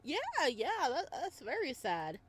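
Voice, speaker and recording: Excitable woman reading a game aloud. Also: high-pitched, slow. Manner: excitable, talks back to the character. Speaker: game player.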